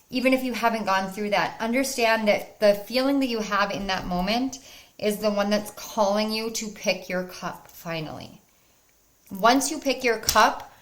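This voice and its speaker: Woman doing a tarot reading, earnest and soothing, gets excited sometimes, faint hiss behind. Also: medium pitch. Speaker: tarot reader. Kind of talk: spiritual pick-a-card reading to camera.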